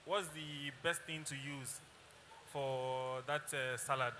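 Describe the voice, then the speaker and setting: A man's voice: medium pitch, steady tone, slow pace, pushed and bright. A man in the audience asking the chef a question hesitantly, with fillers. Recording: noisy, distant room pickup.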